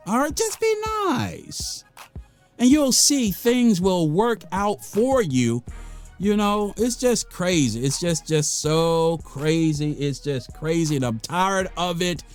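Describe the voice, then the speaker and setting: An American vlogger with a high voice speaks slowly over faint music, delivering a fiery, preachy monologue to the camera. He repeats phrases for emphasis, works himself up, then settles back down.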